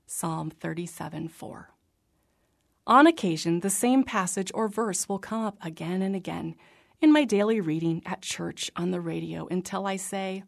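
A woman reading her personal faith memoir aloud in an earnest, reflective manner, sometimes dropping to a soft whisper. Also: fairly low pitch, normal speed, vocal fry. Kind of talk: scripted narration.

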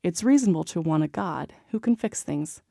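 Gravelly low-voiced woman reading an article. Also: fairly quick, no echo, studio quality. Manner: expressive storytelling reading. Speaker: narrator. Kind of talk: scripted narration of a magazine article.

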